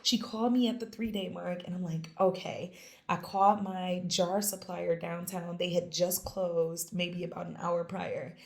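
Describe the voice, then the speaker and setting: A young woman in casual podcast chat, telling a lively story, acting out quoted lines and laughing often. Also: lowish voice, normal speed, vocal fry. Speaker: podcast guest, small business founder.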